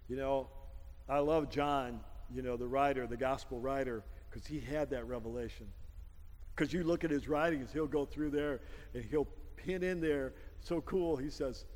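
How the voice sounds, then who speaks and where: A male pastor preaching a sermon, telling stories with a laugh and building to a loud prayer. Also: fairly high pitch, long reverb tail. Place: church sanctuary.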